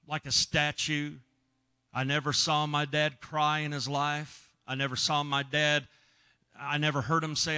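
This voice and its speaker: A middle-aged man preaching, telling a personal testimony with emotion, dropping to hushed tones and rising loud. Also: on the high side, clean tone. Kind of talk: sermon testimony.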